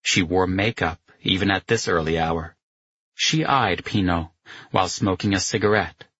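Low husky guy reading a novel, slow and steady, dull dry recording. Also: dry recording. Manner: measured, even storytelling. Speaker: audiobook narrator. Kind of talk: scripted narration.

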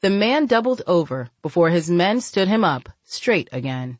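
Low-voiced woman narrating an audiobook. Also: very animated, moderate pace, darkish tone, no echo. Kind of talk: scripted narration.

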